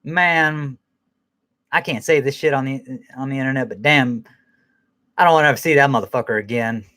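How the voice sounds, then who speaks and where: A man's voice: medium pitch, normal speed, pushed and bright. A man hosting a podcast who rambles through an angry, profane rant and laughs at himself now and then. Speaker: podcast host.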